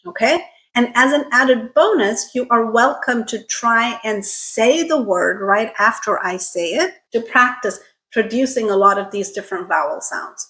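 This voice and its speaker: A woman teaching English pronunciation in an online lesson, speaking clearly and carefully and often checking in with the viewer. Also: a little high, a bit bright, poor audio.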